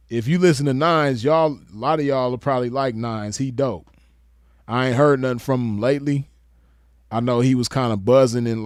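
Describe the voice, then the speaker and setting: A young man from the West Coast talks in a laid-back, slangy way, chuckling as he makes his case. His voice sits at a middle pitch, and the recording is dry and close with no room sound. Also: darkish tone, clear, resonant tone, dry recording. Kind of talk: casual commentary.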